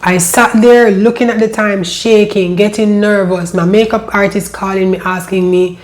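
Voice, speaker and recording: A woman with a lilt recounts her own life story in a steady, level voice that rarely rises or falls. She sounds emotional and halting, circling back to repeat her words as she talks. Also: mid-range voice. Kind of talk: personal storytelling.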